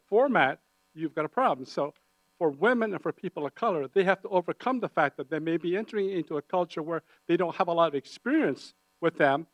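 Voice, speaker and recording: A man speaking on a panel discussion, animated and engaging the audience with humor and questions. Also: a little high, lo-fi sound. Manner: animated, audience-engaging, uses put-on voices for quoted people. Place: conference hall.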